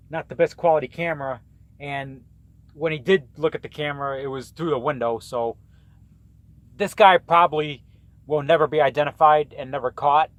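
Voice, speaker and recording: A man's voice: a little high, fairly bright tone, no echo. A man who drives a truck, ranting to camera in a rambling, repetitive way with many restarts. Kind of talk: casual rant to camera.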